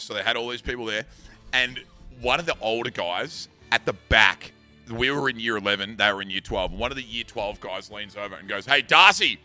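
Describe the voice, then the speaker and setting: A man's voice: mid-range voice, bright, forceful tone. A young Australian man casually telling a rambling, sweary school story, full of bro and dude. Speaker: streamer.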